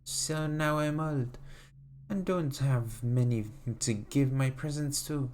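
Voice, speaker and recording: A streamer voicing a sweetly sinister old grandmother, reading slowly in a doting, sing-song manner from a desk mic at home. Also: medium pitch, a little mellow, a little hiss or hum, lightly acted. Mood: creepy doting. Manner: slow, sing-song, doting "dearie" refrain. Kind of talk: reading a game note aloud in character.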